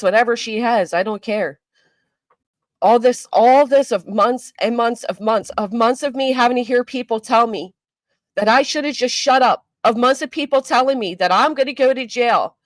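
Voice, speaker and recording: A fired-up woman hosts a livestream with a fairly high voice, swearing freely and sounding shaky and agitated. The sound is dry and close to the mic. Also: dry recording, rough recording. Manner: profane, fired-up, reads a court ruling aloud. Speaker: livestream host. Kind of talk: casual livestream chat.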